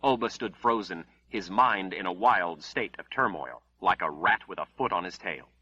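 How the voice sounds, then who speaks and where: A man narrating an audiobook in a measured, dramatic storytelling manner. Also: deep voice, expressive, sharp tone, muffled recording, a little hiss or hum.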